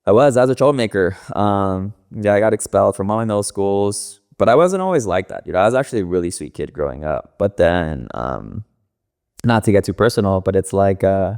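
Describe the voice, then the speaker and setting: Young LA guy on a podcast, kinda low voice, swears a lot, rambles with likes and ums. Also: animated, brisk, darkish tone. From Los Angeles area. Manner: loose, profane, storytelling with lots of fillers. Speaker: podcast guest, DJ and producer. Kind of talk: casual interview talk.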